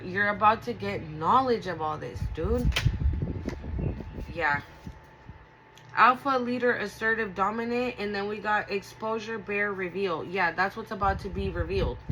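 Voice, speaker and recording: A woman's voice: mid-range voice, noisy background. A woman giving a casual tarot reading, talking bluntly and emotionally with lots of swearing. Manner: blunt, profane, emotional and earnest. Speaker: tarot reader.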